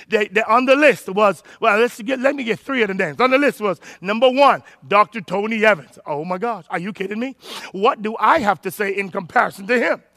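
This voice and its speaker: A man preaching a sermon to an online audience, telling a story with bursts of shouting. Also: very high-pitched, creaky, dry recording, clean studio sound. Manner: talks to an online audience typing comments. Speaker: pastor.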